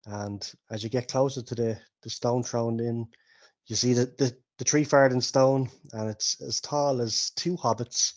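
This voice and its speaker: A man narrates a tabletop role-play as its game master. He tells the story in a loose, rambling way and laughs often. His voice has an ordinary middle pitch. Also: fairly even intonation, measured pace.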